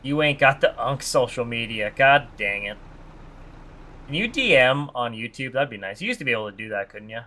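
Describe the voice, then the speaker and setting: Bright-voiced chatty male game streamer. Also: medium pitch, lively intonation, brisk. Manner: chatty, joking, reads chat aloud. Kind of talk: casual live-stream chat.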